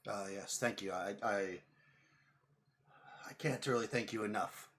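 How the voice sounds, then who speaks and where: A man's voice: fairly low pitch, measured pace, fairly bright tone, a little hiss or hum. A man voicing a formal, weary ghostly knight in a tabletop game. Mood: solemn. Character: ghostly knight, grieving and stern.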